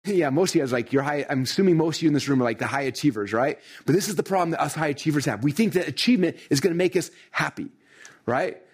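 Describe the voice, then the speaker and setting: A middle-aged man with a husky voice delivers a motivational training talk to a live audience. He speaks at a rapid clip and keeps the energy up. His speech is full of "right?" and "like". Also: fairly high pitch, lively intonation. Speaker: success coach.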